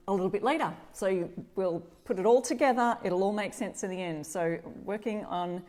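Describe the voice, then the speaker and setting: A woman's voice: medium pitch, a little mellow. Chatty Australian woman hosting a craft live. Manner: chatty, greets viewers by name. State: slightly stuffy, clearing throat. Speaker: DIY craft host. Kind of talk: casual live-stream chat. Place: home workshop.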